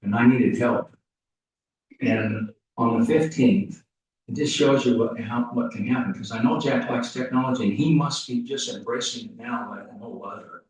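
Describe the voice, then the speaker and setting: A man's voice: medium pitch, darkish tone. Folksy man telling stories at a funeral. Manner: rambling, folksy, halting restarts. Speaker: funeral speaker. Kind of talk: eulogy storytelling. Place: funeral service hall. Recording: echoey hall, mic off at a distance.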